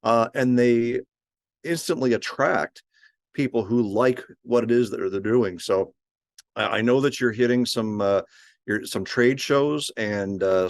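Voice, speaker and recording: A man asks a podcast guest questions, pausing often on "uh" as he goes. His pitch is ordinary, and the room is dry, with almost no echo. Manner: hesitant, filler-heavy questions. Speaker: podcast co-host. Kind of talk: casual podcast interview.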